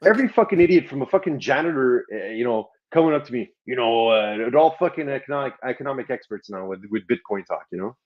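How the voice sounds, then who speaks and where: A man's voice: mid-range voice, animated, quick pace, hardly any pauses. A man co-hosts a casual sports podcast, rambling through his points and cursing freely whenever something annoys him. The audio is slightly dull and lo-fi. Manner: rambling, swears while ranting. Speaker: podcast co-host.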